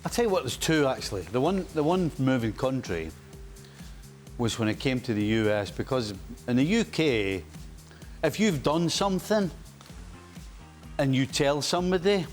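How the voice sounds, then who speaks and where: A man in his fifties, a former player turned pundit, telling lively stories on a panel and acting out what others said. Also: mid-range voice, moderate pace, pauses often, faint music behind. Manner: animated storyteller who laughs and acts out quotes. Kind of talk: casual panel chat, anecdotes.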